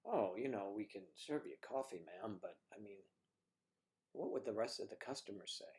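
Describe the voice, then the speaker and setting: A man's voice: on the low side, animated, normal speed, a little mellow. A man hosting a livestream, chatting casually and joking in rambling asides as he reacts to viewer comments. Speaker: livestream host.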